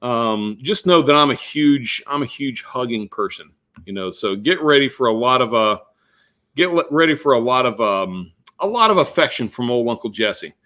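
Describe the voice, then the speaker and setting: A man chatting casually on a live stream to his viewers, rambling and repeating himself in a warm, effusive way. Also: mid-range voice, expressive, normal speed. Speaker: fragrance influencer streaming live. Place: home room lined with fragrance bottles.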